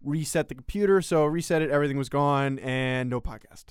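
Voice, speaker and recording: A young man co-hosting a casual sports podcast, telling stories briskly with sarcastic asides. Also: on the high side, clear, resonant tone, no room sound, studio quality. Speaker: podcast co-host.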